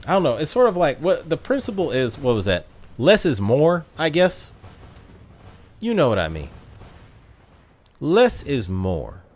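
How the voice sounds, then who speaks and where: A man's voice: a little high, very animated, moderate pace, a little mellow. A young man streaming a mobile game, chatting casually with his chat and laughing at himself. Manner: chatty, self-mocking, laughs often.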